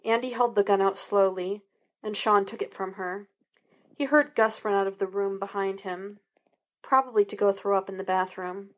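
A woman narrating a story as a podfic reader, in a steady, even reading voice. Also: mid-range voice, normal speed. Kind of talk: audiobook narration.

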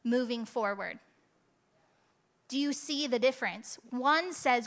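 A woman's voice: fairly high pitch, slow, long pauses, a bit bright. A woman preaching a conversational, emphatic sermon to her church, full of rhetorical asides.

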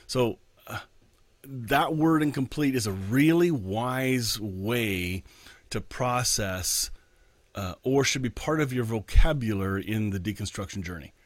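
A man's voice: medium pitch, lively intonation, dry recording. Earnest man pastor, dry close sound. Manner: earnest, reflective, slowing down to stress points. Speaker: pastor and podcast host. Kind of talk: candid podcast monologue.

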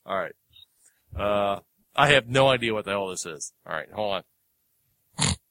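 A man's voice: lowish voice, animated, a little slow, bright, forceful tone, no room sound. A man hosting a film review podcast, chatting casually with fillers and laughs as he plays clips. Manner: rambling, chuckling, many fillers. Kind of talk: casual chat.

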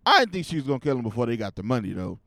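A young adult man hosting a podcast alone, talking casually in a slangy, profane way and getting loud and fired up as he rants. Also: mid-range voice, sing-song, racing, gravelly, no room sound. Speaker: podcast host. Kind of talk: casual solo podcast rant.

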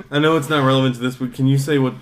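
Jokey young man doing loud bits. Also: mid-range voice. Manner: loud, jokey, acts out voices. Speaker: podcast co-host. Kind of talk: casual chat.

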